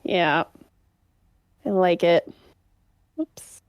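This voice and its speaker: A woman's voice: fairly low pitch, expressive, very slow, no room sound, dull audio. A woman co-hosting a podcast in playful, rambling casual chat, laughing often. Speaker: podcast co-host.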